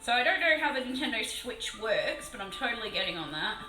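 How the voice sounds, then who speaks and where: An Australian woman chatting casually on a live stream while painting a model, excitable and swearing freely. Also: fairly high pitch, brisk, roomy sound, soft background music, poor audio.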